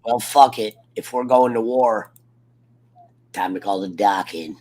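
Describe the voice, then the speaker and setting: A man hosting a casual chat, loose and profane, quick to get excitable. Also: fairly low pitch. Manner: loose, profane and excitable, yells at his dog. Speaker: podcast host.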